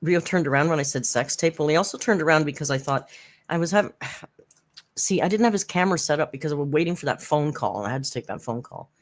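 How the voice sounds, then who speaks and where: A woman from Canada hosting a casual live stream from home, chatty and laughing often as she tells stories with dark humor. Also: deep voice, lively intonation, fast talker. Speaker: YouTube commentary host. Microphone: headphones with desk mic.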